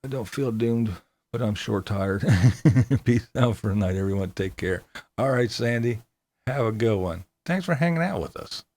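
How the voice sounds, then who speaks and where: A man's voice: on the low side, unhurried, mellow. A man hosting a casual livestream, reading viewer comments aloud in a laid-back way and chuckling often. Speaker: livestream host.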